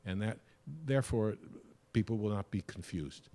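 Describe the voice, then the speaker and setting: A man's voice: fairly low pitch, moderate pace, warm tone. An older retired man giving a rambling, hesitant public comment at a town board meeting. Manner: rambling, hesitant with many uhs.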